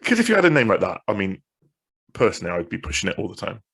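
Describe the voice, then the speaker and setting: A man's voice: lowish voice, wildly swooping pitch, very fast, creaky, fairly bright tone, slightly rough. A man co-hosting a casual podcast, blunt, sweary and drily teasing. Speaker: podcast co-host.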